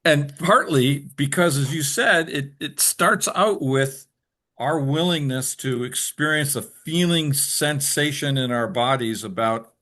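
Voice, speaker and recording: A man's voice: fairly high pitch, unhurried, pushed and bright. A man cohosting a podcast, explaining things thoughtfully for newcomers as he shares his own experience. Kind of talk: reflective podcast talk.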